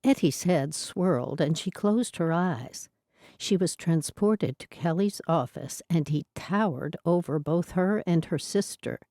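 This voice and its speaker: A woman narrating an audiobook in a measured storytelling style. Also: lowish voice, animated, mellow, dry recording, studio quality. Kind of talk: scripted narration.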